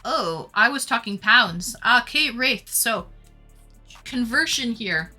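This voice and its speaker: A woman's voice: fairly high pitch, animated, takes it slowly, sharp tone, soft background music. A Canadian woman hosting a casual live stream, chatting with viewers, reading out their comments and thanking them.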